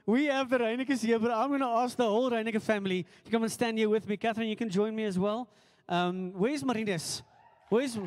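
High-voiced South African pastor, echoey hall. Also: male voice. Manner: halting, filler-heavy, self-deprecating jokes. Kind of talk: church welcome and announcements. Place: church hall service. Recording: echoey church hall with long reverb.

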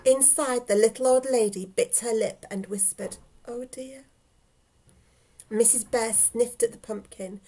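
A woman, a teacher, reading a storybook aloud to children in an expressive way and talking to her young listeners. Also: on the high side, moderate pace, few pauses, husky, low-quality recording.

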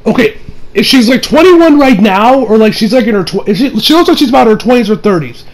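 Speaking a little fast in a very high, expressive voice, a man reviews an anime episode in a loose, rambling way. He curses frequently and fills gaps with "you know" and "like."

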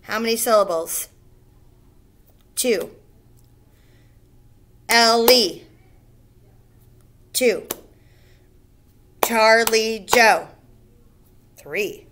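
A woman teaching first graders a recorded lesson on syllables, slow and patient, stretching out each word so the children can hear the beats. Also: mid-range voice, creaky, a little hiss or hum. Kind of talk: recorded remote phonics lesson.

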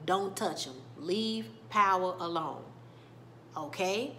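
A woman voicing a calm, matter-of-fact male street boss. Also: on the low side, slow, slight background noise. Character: cool-headed man, a street business boss.

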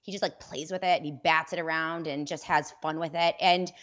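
A woman's voice: low voice, steady tone, brisk, fairly bright tone, highs cut off. A woman radio host speaking as a guest on a political talk panel, candid and conversational. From New York. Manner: candid, conversational, builds loose analogies. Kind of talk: panel discussion.

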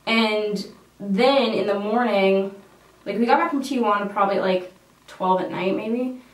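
A woman's voice: mid-range voice, normal speed. A young woman vlogger telling a story in casual chat while doing her makeup, swearing freely. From Canada. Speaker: beauty vlogger. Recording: roomy echo from a distant mic.

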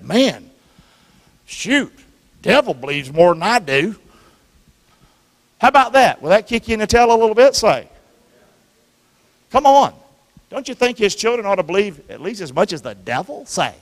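A man preaching a sermon to his congregation as their pastor, with animated delivery and frequent call-and-response questions to the listeners. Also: high-pitched. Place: church sanctuary. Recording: long reverb of a church hall.

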